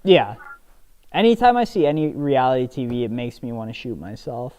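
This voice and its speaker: A young man, a podcast co-host, chatting casually while gaming, rambling and halting with lots of restarts and fillers, a bit spacey. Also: medium pitch, mellow. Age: young adult. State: a little spacey.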